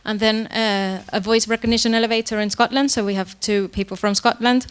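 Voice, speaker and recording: A woman's voice: a little high, steady tone, fairly quick, clear, resonant tone. A woman lecturer giving an academic presentation on pronunciation teaching, explaining with frequent fillers and self-corrections. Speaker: university lecturer.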